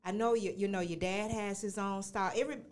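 A woman hosting a radio talk show, eagerly prompting her guest with quick encouraging affirmations. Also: medium pitch, steady tone, darkish tone, a little hiss or hum. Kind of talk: casual radio interview.

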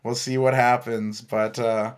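A man's voice: medium pitch, flat delivery, unhurried, clear, resonant tone. A man in his thirties hosting a podcast, telling a story in a rambling way, with many fillers and frequent laughs. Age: 30s. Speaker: podcast host. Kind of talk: casual storytelling monologue.

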